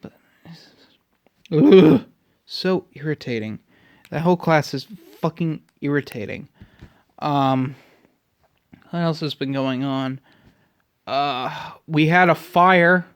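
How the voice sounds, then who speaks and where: A man's voice: a little high, slow, pauses often, clear, resonant tone. A man in his twenties ranting casually in a vlog, irritable and full of profanity. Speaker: vlogger.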